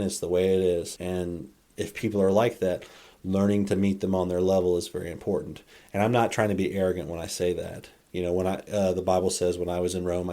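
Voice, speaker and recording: A man with a fairly low, warm, relaxed voice hosts a faith podcast on his own. He rambles earnestly, circling back and correcting himself as he works through his thoughts. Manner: rambling, earnest, self-correcting with many restarts. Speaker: podcast host.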